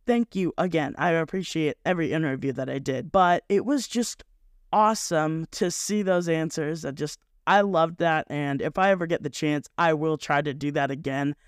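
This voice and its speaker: Recorded at studio quality with no room sound, this young male host has a high-pitched, clear, resonant voice. On his faith podcast he speaks in a casual devotional way, rambling, earnest, and frequently self-correcting.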